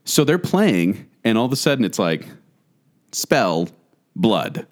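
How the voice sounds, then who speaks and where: A man co-hosting a podcast, chatting casually and telling animated stories about childhood toys. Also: mid-range voice, brisk. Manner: animated storyteller, mimics a robotic toy voice. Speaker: podcast co-host. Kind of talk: casual chat.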